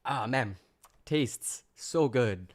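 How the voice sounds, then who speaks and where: A man's voice: medium pitch, animated, drawn-out words. A man hosting a livestream, gleefully mocking what he watches in casual reaction commentary. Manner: gleeful, mocking, breaks into laughter. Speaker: livestream host.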